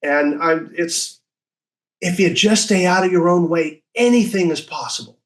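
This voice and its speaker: A man in his sixties telling stories as a podcast guest, lively and acting out the voices of people he quotes. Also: high voice, unhurried. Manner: animated, acts out quoted voices. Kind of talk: casual storytelling.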